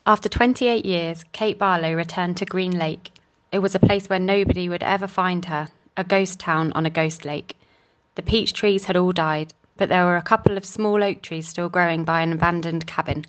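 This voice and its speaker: Woman audiobook narrator, measured, lower pitch. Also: fairly even intonation. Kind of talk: scripted narration.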